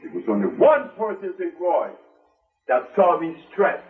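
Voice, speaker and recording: A man's voice: high voice, very animated, normal speed, narrow, tinny audio. An older man giving an impassioned speech to a live audience, emphatic and repeating phrases for stress. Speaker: speaker to an audience. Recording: distant mic with faint music.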